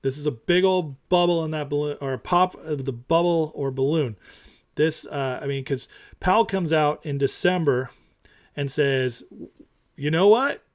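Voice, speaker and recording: A man hosting a casual stock market talk show, animated and opinionated, who repeats his points for emphasis. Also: moderate pace. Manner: mocks others in high put-on voices.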